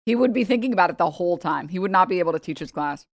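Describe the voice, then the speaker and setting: A young woman streamer giving casual, joking reaction commentary, chatty and quick to laugh. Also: on the low side, expressive, dry recording.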